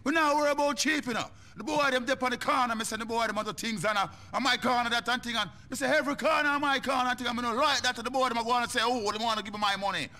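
An actor playing an excitable, rambling Jamaican gangster man in a video game. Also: very high voice, racing, few pauses, exaggerated voice. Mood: indignant.

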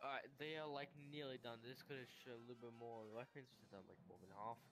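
A young man joking with friends in an online voice chat, laughing often and stumbling over his restarts. His voice sits at an average middle pitch. Faint music runs underneath. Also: steady tone, fast talker, a bit bright, poor audio. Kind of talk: casual group voice chat.

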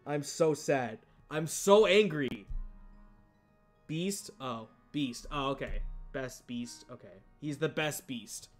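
A man's voice: mid-range voice, slow, long pauses, faint music behind. A man streaming a game playthrough live, reacting aloud with lots of swearing and repeated exclamations. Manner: profane, exclaiming, repeats himself.

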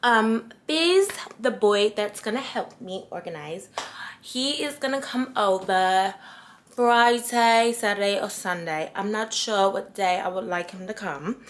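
A woman's voice: medium pitch, a little slow, roomy sound, a little hiss or hum, close to an everyday voice. A woman vlogger talking casually in a put-on British accent at home, swearing freely and sounding playfully exasperated. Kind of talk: casual vlog monologue. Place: her apartment.

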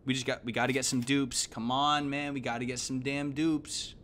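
A young man with a medium-pitched voice streams a video game at a moderate pace, with a little hiss or hum in the audio. His casual chat rambles and is full of swearing, shifting from mumbles to excited yelps.

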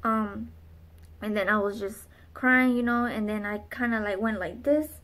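A woman's voice: mid-range voice, measured pace, fairly bright tone. A young adult woman vlogger telling a personal faith testimony in an earnest, rambling way with many fillers.

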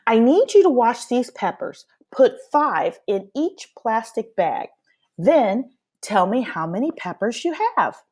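Brief: a woman as a patient, encouraging grandmother in a storybook, lilting and slow. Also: fairly high pitch, sing-song, slightly rough, voice pushed up, exaggerated voice. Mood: gentle. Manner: gentle, encouraging. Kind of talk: storybook read-aloud.

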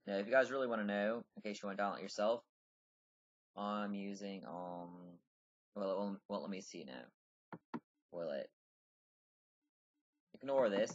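Man with a deep voice, rambling gameplay chatter, a bit husky, dry dull lo-fi sound. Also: no room sound. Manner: rambling, chatty, talks to the game characters. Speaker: gamer playing through a video game. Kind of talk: casual gameplay commentary.

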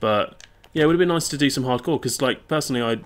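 A man's voice: mid-range voice, fast, a little hiss or hum. A young man chatting casually and rambling over gameplay, swearing and reacting aloud to the game. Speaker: gaming YouTuber.

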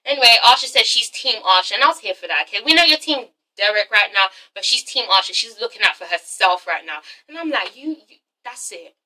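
A woman's voice: mid-range voice, animated, brisk, pushed and bright, far from the mic, rough recording. A woman doing a casual vlog recap of a TV episode, sassy and swearing freely as she talks straight to her viewers. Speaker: TV episode reviewer.

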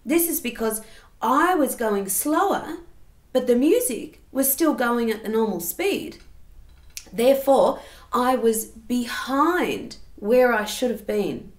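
A woman's voice: on the high side, expressive, slow, echoey room. A woman giving a singing lesson, explaining step by step and breaking into sung examples. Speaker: singing teacher.

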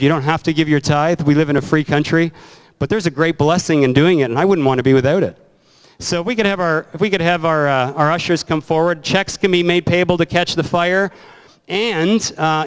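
A man's voice: fairly high pitch, clean tone, rough recording. A male pastor, taking the offering and praying a blessing in a church auditorium. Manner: relaxed, plain-spoken, blessing prayers. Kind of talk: sermon and offering announcements.

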